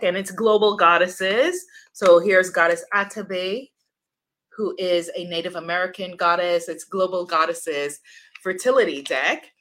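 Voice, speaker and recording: A woman hosting a live stream as an author, effusive and warm in her greetings, welcoming viewers one by one by name and laughing often. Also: lowish voice. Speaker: host of a live stream, oracle deck author. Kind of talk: enthusiastic live-stream chat.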